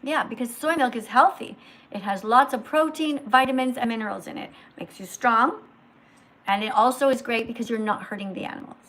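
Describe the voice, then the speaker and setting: A woman hosting a livestream, lecturing slowly and emphatically like a teacher. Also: fairly high pitch, a bit bright. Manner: slow, emphatic teacher-like delivery. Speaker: livestream host.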